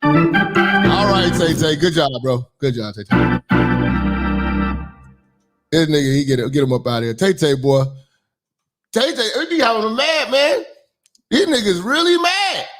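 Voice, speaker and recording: A man hosting a live stream show, talking in loud, teasing, profane commentary to callers. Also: a little high, very animated, a little slow, long pauses, soft background music. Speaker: host.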